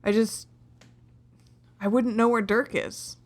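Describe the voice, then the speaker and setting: A woman playing a tabletop role-playing game, describing her character's moves with animated energy. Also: a little high, slow pace. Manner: animated, narrates her character's actions in first person. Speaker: player. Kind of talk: casual tabletop role-play chat.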